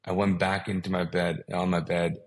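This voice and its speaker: A man's voice: sits low, flat delivery, normal speed. A middle-aged man whose first language is Urdu, telling a personal story as a guest and acting out the dialogue in it.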